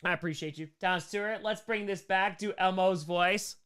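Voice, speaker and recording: A man's voice: high voice, fairly even intonation, normal speed, fairly bright tone, clear, resonant tone. A man hosting a casual live-stream Q&A, upbeat and rambling, thanking viewers by name, his voice a bit worn from hours of talking. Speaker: live-stream host answering chat questions.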